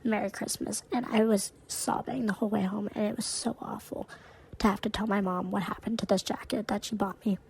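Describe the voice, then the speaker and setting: Young-sounding woman telling a story, flat voice. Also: mid-range voice, a little fast, breathy edge, poor audio. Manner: chatty, heavy use of "like". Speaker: podcast co-host. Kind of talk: casual podcast storytelling.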